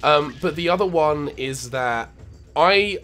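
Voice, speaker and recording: A man's voice: a little high, expressive, takes it slowly, fairly bright tone, faint music behind. A man with an English accent co-hosting a casual gaming show, chatting in a rambling, self-deprecating way. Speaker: co-host. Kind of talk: casual podcast chat while playing games.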